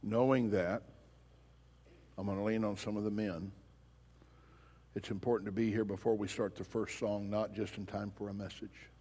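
A man's voice: on the low side, flat delivery, normal speed, long pauses, mellow, slightly rough. A man preaching a sermon as pastor, emphatic and pressing his congregation with pointed questions. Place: church sanctuary. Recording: long reverb of a large hall.

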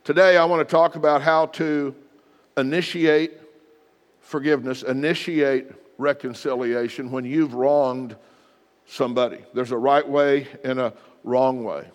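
A man's voice: medium pitch, fairly even intonation, a little slow. Middle-aged guy preaching a sermon, acts out little apologies, long hall echo. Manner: acts out short example apologies in different voices; leads the congregation in spoken practice. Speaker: pastor.

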